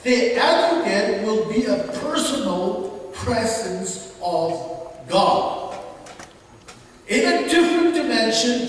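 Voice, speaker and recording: A man's voice: extremely high pitch, slight background noise. A man from Micronesia with a Micronesian accent, preaching a sermon earnestly, often repeating and restarting phrases. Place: church hall. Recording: echoey hall from far off.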